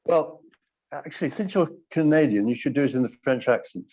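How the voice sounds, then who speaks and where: A man's voice: medium pitch, animated, a little fast, darkish tone, muffled recording. An older man from Britain, a guest on a call, talking in a wry, jokey, rambling way. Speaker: guest, former mime. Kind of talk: casual interview over a call. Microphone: video call.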